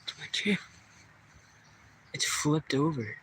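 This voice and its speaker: A man's voice: fairly high pitch, expressive, takes it slowly, fairly bright tone, slight background noise. Young man vlogging outdoors, jumpy and swearing. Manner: swears a lot, startled and jumpy. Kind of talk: casual live-stream vlog. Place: outdoors in woods by water.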